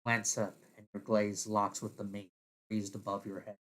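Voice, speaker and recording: A man narrating a second-person audio story in a deliberate way, now and then laughing at his own slips. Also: on the low side, level tone, fairly bright tone.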